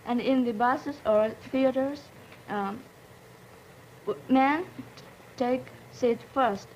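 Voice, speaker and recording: Young woman, Japanese accent, hesitant halting english, slightly high voice, faint hiss behind. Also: a little mellow, muffled recording. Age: late teens. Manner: hesitant, searching for English words. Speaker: exchange student panelist.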